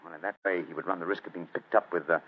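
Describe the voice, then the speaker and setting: An actor playing a shrewd, calm male detective who reasons aloud crisply in an old radio drama. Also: sits low, rapid-fire. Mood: measured. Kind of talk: 1950s radio drama acting. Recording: muffled old radio recording with hiss.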